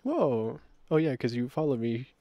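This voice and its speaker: Laid-back guy hosting his stream, chuckles a lot, medium pitch. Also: very animated, moderate pace, dull audio. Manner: easygoing, laughs often. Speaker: streamer host. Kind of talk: casual chat while livestreaming.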